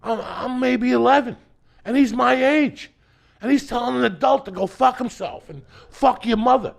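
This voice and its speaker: A man, hosting a podcast and telling a story loudly, swearing constantly and acting out every voice. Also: extremely high pitch, moderate pace, creaky. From North Bergen, New Jersey. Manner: loud, animated, swears constantly, acts out every voice. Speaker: podcast host. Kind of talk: profane storytelling in casual chat.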